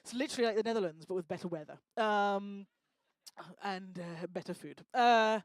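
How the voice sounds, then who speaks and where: A woman doing lively, teasing crowd work on a live talk stage, speaking into a handheld microphone. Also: mid-range voice, no room sound. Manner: energetic, teasing, bossy and quick to joke. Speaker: stage performer working the crowd.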